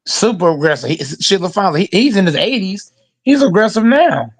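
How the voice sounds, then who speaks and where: A man's voice: sits high, lively intonation, brisk. Profane, fired-up man ranting about football. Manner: profane, emphatic, repetitive. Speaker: host reacting to football news. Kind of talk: casual sports rant.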